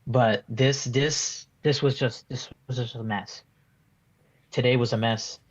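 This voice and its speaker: A man's voice: mid-range voice, fairly even intonation, slow, dry recording, muffled recording. A man giving a casual post-match fan reaction, rambling and frustrated, full of restarts and "like" fillers. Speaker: football fan being interviewed.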